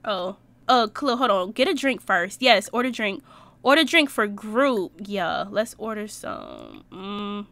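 A young woman casually commenting on her life-simulation gameplay, slangy and animated, reacting and laughing at what happens on screen. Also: medium pitch, a little slow, no room sound. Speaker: Sims let's-play host.

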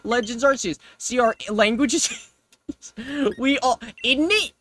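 A man's voice: extremely high pitch, lively intonation, slow pace, fairly bright tone. A man hosting a casual let's play, joking and rambling as he repeats himself over the game. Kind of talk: casual gameplay commentary.

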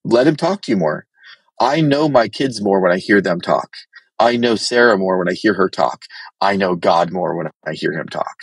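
Blunt low-voiced man preaching. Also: lively intonation, moderate pace, slightly rough, dry recording. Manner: blunt, direct and exhorting. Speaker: pastor. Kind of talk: sermon teaching.

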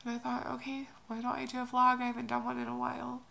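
A young woman vlogging about a personal move, tearful and speaking in a halting, hesitant, soft way. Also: a little high, completely flat delivery, vocal fry. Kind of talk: emotional personal vlog.

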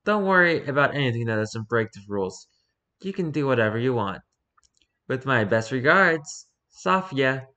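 Reading a rules-style horror story for his YouTube channel, this man keeps a moderate pace in a mid-range voice. He's lively, though he occasionally stumbles and starts over.

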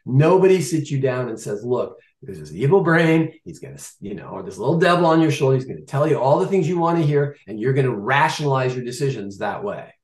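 A man's voice: mid-range voice, animated, fast, hardly any pauses, a little mellow, echoey room. A man in his fifties talking casually and animatedly about food, acting out shoppers' thoughts in mock voices. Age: 50s. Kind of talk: casual chat.

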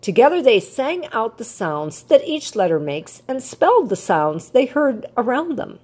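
An older woman reading a children's picture book aloud as a storyteller, with an expressive cadence. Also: medium pitch, slightly rough.

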